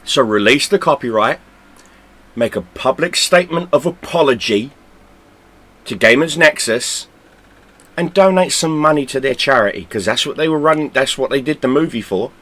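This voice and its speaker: A man's voice: mid-range voice, expressive, normal speed, fairly bright tone. A man hosting a gaming channel, talking in a blunt, casual way full of swearing, often stumbling and repeating words. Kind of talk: casual unscripted vlog talk.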